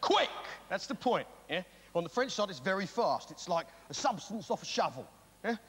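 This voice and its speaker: A man's voice: high-pitched, big pitch swings, moderate pace. A man doing a stand-up set, bantering with the audience and firing tag questions in a blustering manner. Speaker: stand-up comedian. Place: large theatre stage. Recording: reverberant theatre, loud crowd noise. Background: loud audience laughter.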